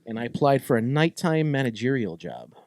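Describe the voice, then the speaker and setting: A man's voice: medium pitch, sing-song, fairly quick, darkish tone, no room sound, clean studio sound. Man spinning a yarn. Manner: storytelling, acts out quoted people. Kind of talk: casual chat.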